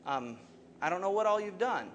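A young pastor gives a sermon in a slightly high voice, speaking plainly and putting questions to the room. A faint hum sits under the recording from a church. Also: male voice, sing-song, moderate pace, fairly bright tone, muffled recording. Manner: conversational, asks the congregation questions.

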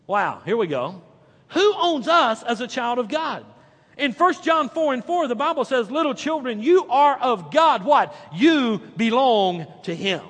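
Male pastor, high-pitched, emphatic delivery that rises and drops, reverberant hall. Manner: emphatic preacher, swings between loud and hushed. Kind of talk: sermon.

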